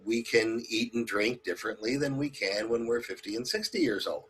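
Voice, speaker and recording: A man's voice: medium pitch, moderate pace, fairly bright tone, slight background noise. A man, a rabbi, hosting an online community talk, speaking loosely with many fillers as he makes announcements. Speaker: rabbi and host.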